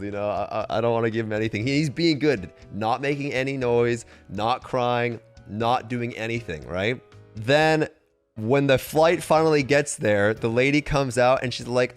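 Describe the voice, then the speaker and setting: A man's voice: moderate pace, clean tone, soft background music. Profane young man telling a story. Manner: animated, profane, high-pitched mimicry of others. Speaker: streamer. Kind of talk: casual storytelling.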